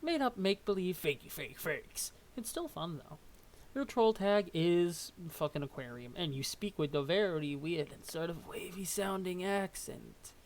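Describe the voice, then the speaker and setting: In an expressive, medium-pitched voice, a young adult reads a webcomic aloud without hurrying. The casual reading is full of stumbles, joking asides and laughs.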